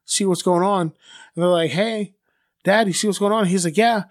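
High-voiced man telling a crude story. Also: fairly even intonation, moderate pace, no room sound, clean studio sound. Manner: loose, crude, full of fillers, acts out quoted people. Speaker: podcast co-host telling a true-crime story. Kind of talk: casual profane storytelling.

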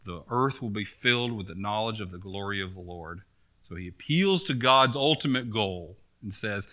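Bright-voiced preaching pastor. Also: male voice, on the low side, expressive, moderate pace. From United States. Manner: earnest preaching, drops softly then rises emphatically. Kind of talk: sermon. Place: church sanctuary.

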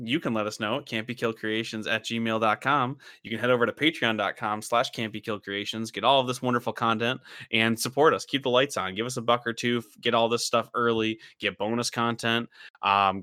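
A man's voice: fairly low pitch, sharp tone, no echo, clean studio sound. A young man hosting a casual podcast chat, rambling with many fillers and frequent laughs. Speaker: podcast host.

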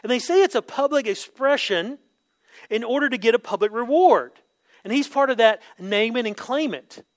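A man with a notably high speaking voice delivers an expository sermon in a relaxed, conversational way. He checks in with his listeners by asking "right?" again and again. When he quotes someone, he acts the words out with sudden jumps in pitch. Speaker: pastor.

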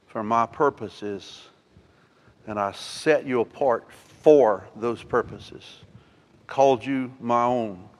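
Slow-spoken pastor preaching in a reverberant church. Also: male voice, medium pitch. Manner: animated, acts out scripture with rising emotion. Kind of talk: sermon.

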